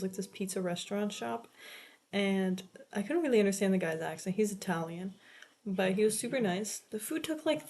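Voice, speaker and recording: With a mid-range, slightly mellow voice touched by vocal fry, this young woman in her late teens chats loosely for her vlog. Her talk wanders, includes swearing, and is full of "like."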